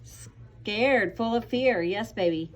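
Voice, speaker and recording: Here a young woman at medium pitch leads a classroom vocabulary lesson for children, speaking slowly. Patient and encouraging, she calls on her pupils by name.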